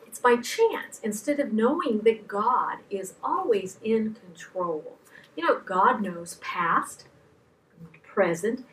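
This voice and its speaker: A woman giving an animated object lesson to children, exclaiming as she goes. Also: mid-range voice. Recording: distant mic, faint background noise.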